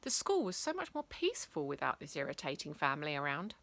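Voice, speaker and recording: A woman reading a bedtime story aloud, playful and expressive, switching into character voices. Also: low-pitched, fast, creaky.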